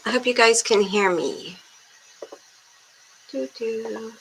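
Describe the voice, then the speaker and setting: A woman's voice: fairly high pitch, takes it slowly, creaky, fairly bright tone, slight background noise. A woman hosting a tarot livestream from her room, chatting casually on a webcam and greeting viewers by name. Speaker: tarot reader livestream host.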